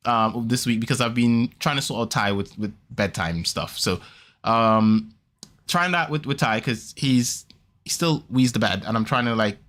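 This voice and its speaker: A man hosting a podcast, telling a story in casual chat, rambling and animated, with quick restarts and repeats. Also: mid-range voice. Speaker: podcast host.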